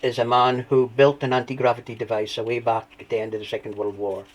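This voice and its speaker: A man telling his story as an interview guest, rambling through anecdotes with restarts and lively retellings. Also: mid-range voice, quick pace, rough recording. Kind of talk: conversational storytelling.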